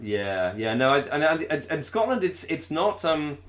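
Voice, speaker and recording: A British man co-hosting a podcast in casual chat, halting and often repeating his words as he thinks aloud. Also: fairly high pitch, very animated, a bit bright. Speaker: podcast co-host.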